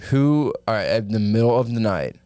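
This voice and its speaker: Goofy podcast guy telling a made-up story, lowish voice that jumps all over, dry close sound. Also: moderate pace, no room sound. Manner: animated, goofy, bursts into silly voices and whispers. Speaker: podcast co-host. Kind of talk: improvised comedic storytelling.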